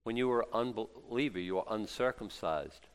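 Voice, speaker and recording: A man preaching a sermon as a pastor, folksy and jokey, dropping to quiet asides and then rising to loud, excited exclaims. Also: normal speed, clear, resonant tone. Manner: animated, swinging from low asides to loud exclaims; folksy, jokey Bible teaching.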